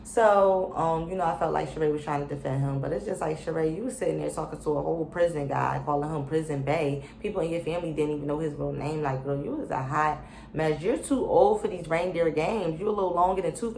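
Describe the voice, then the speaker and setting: A woman's voice: low voice, creaky, echoey room, slight background noise. A woman casually recapping a reality show, chatty and opinionated, with lots of fillers and slang.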